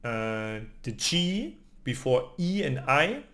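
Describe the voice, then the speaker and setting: A man with a Spanish accent teaches pronunciation at an unhurried pace. His native-speaker voice carries a gravelly edge. He keeps checking in with a questioning tag after each point. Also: mid-range voice, big pitch swings, fairly bright tone. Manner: explains patiently with tag questions, often adds "no?". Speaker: language teacher. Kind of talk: spoken pronunciation lesson.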